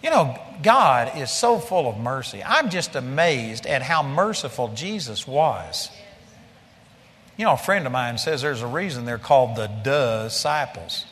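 A male preacher delivering a blunt, forceful sermon. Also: medium pitch, animated, unhurried, long reverb tail.

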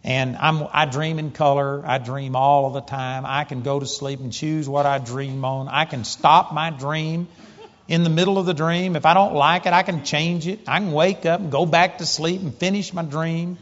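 A male preacher delivers his sermon in a fairly high voice, growing animated as he tells his story. The sound carries a long hall reverb. The recording is slightly dull and muffled. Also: normal speed. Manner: animated storytelling, rising pitch when excited.

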